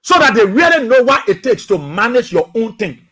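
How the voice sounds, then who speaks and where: A man with a Liberian English accent giving impassioned political commentary as a radio talk show host, repeating his points and sometimes shouting. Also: very high-pitched, big pitch swings, normal speed, husky. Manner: impassioned, preachy, repeats phrases, shouts at times.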